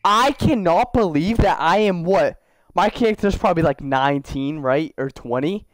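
A man's voice: high-pitched, moderate pace, no echo. A young man giving casual, slangy gameplay commentary, joking and talking to the characters in his game. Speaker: gaming YouTuber.

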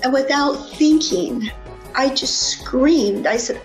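Female podcast guest, fairly high voice, lively storyteller, faint music underneath. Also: slow, rough recording. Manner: lively storyteller, acts out the people in her story. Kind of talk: personal storytelling in an interview.

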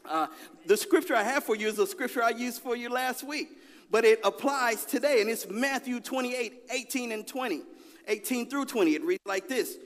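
A man, preaching a lively, conversational sermon with call-and-response and a personal story in a large church. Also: sits high, moderate pace. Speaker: pastor. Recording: long hall reverb.

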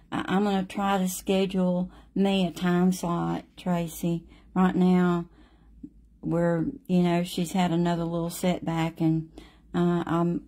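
Lady painting teacher, slow and chatty, gravelly mellow voice. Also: fairly low pitch. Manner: slow, chatty, speaks to viewers by name. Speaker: watercolor painting instructor. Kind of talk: live painting lesson chatting with viewers.

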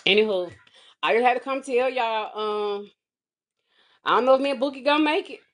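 A woman vlogging as a mother, telling a comedic, exasperated story with sassy, animated delivery and big swings in pitch. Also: moderate pace, noisy background. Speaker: mother of a kindergartner. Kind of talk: comedic storytelling vlog rant. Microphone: phone or webcam vlog.

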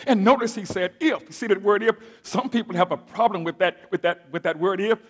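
A middle-aged man preaching a sermon as pastor, moving from quiet asides to loud declaimed scripture and calling out to his congregation. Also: high-pitched, fairly quick, husky. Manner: call-and-response preaching, swings from soft asides to loud declaiming. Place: church sanctuary.

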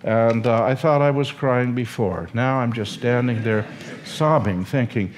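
An older man, a seminary professor, telling a story and lecturing in an animated, emotional way with acted quotes. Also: medium pitch, measured pace.

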